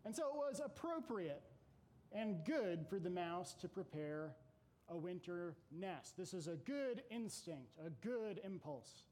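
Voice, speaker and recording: A man who teaches Bible classes giving an unhurried, reflective devotional talk to a gathering, with hesitant fillers. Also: high-pitched, sing-song, darkish tone.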